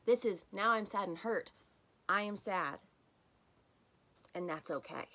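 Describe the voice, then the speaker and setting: A woman hosting a solo self-help podcast, talking in an earnest, encouraging way and softening to near-whispers on key phrases. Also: mid-range voice, unhurried. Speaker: podcast host.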